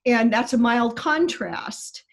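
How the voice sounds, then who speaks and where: A woman's voice: fairly high pitch, slow, creaky, poor audio. A woman guest on a podcast, explaining Greek grammar precisely and stressing key words.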